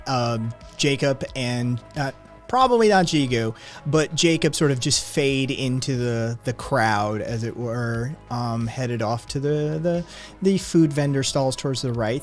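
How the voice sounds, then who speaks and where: A man narrating a tabletop game as game master, relaxed, with lots of fillers and laughs. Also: mid-range voice.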